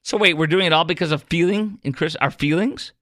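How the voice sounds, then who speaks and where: A man hosting a talk radio show, chatting in a rambling, animated way and quizzing his producer. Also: a little high, fairly quick, no echo. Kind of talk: casual talk radio monologue. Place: radio studio.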